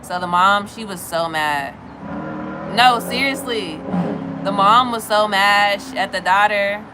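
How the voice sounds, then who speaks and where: A woman in her thirties chatting casually with viewers, telling a story in an animated way. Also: a little slow, background noise. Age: 30s. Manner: animated, acts out other people's lines in a high voice.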